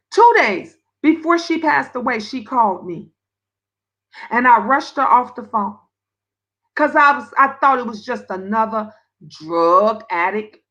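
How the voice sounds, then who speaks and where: A woman hosting a live talk stream, blunt and emphatic, telling stories in profane, animated speech. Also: on the high side, rough recording.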